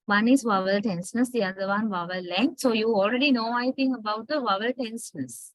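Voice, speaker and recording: A woman's voice: fairly high pitch, a little fast, dry recording, rough recording. A middle-aged woman with a Sri Lankan English accent giving a university phonetics lecture, explaining step by step and often asking "right?".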